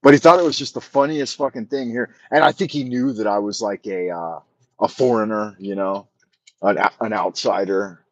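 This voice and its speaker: A man's voice: fairly low pitch, moderate pace, lo-fi sound. A middle-aged man hosting a livestream, telling stories in a loose, rambling way, with lots of fillers, restarts and swearing. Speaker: livestream host. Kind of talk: casual rambling storytelling.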